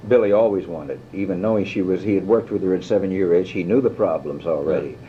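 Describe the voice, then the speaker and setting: An older man, a guest actor, telling lively stories in an interview, swearing freely and mimicking others. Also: deep voice, fast talker. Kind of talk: anecdotal interview. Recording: dull lo-fi tape with faint hiss.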